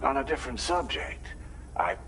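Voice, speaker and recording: A man's voice: high-pitched, huge pitch swings, normal speed, creaky, pushed and bright, slight background noise, full character voice, rough recording. An actor playing a male scientist who explains strange phenomena in a video game cutscene.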